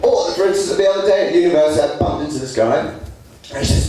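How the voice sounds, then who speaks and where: A young man from England performing a stand-up comedy routine, lively, putting on high voices for the people he quotes. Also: quick pace. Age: young adult. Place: student comedy stage. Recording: echoey room from far off with audience laughter.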